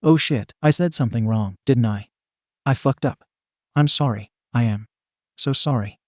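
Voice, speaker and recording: A man's voice: mid-range voice, moderate pace, a little mellow, no echo, clean studio sound, close to an everyday voice. A man voicing a laid-back teenage boy vigilante who talks casually and awkwardly, with some swearing.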